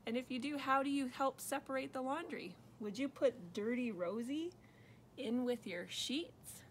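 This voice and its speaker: A woman reading a picture book aloud for children, pausing to ask her listeners questions. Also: high-pitched, expressive, slight background noise, poor audio.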